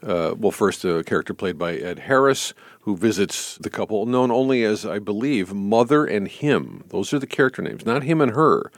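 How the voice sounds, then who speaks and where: A man's voice: lowish voice, lively intonation, moderate pace, few pauses, no room sound. A man who is a film critic, guesting on a podcast and thinking aloud with many restarts and fillers. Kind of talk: casual film review chat.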